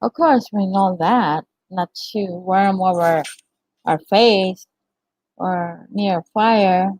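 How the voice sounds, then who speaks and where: A woman's voice: mid-range voice, takes it slowly, a little mellow, low-quality recording. A middle-aged woman chatting on her livestream, telling a story and laughing often. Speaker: livestream host. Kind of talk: casual chat with live viewers.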